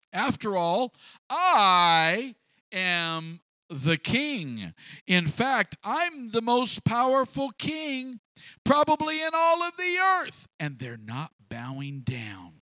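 A man voicing a proud, boastful ancient king who brags in drawn-out, self-important words. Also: a little high, a bit bright, no room sound, exaggerated voice.

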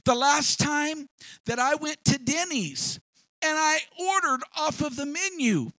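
High-voiced man preaching a sermon. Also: animated, unhurried, sharp tone, no echo, rough recording. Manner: repeats words, acts out dialogue in quoted voices.

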